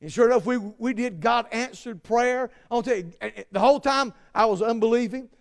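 High-voiced preacher man, halting and earnest. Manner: halting, lots of fillers and restarts; earnest, rising to emphatic peaks. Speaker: pastor. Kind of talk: sermon with personal stories.

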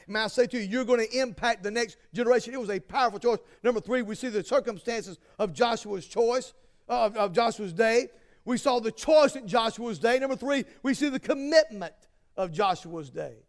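A male pastor preaching a sermon, dropping to quiet asides and then rising to loud, shouted exhortation. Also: extremely high pitch.

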